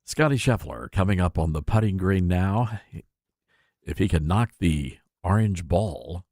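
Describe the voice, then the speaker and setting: A man voicing a hushed male golf announcer in a whispered role-play, with low, mock-solemn commentary. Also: expressive, unhurried, no echo, clean studio sound, heavily acted.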